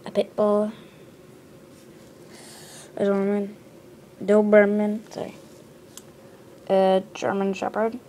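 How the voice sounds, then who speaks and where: A woman showing her drawings in a casual show-and-tell, hesitant, with lots of ums and quick self-corrections. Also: mid-range voice, level tone, mellow, a little hiss or hum.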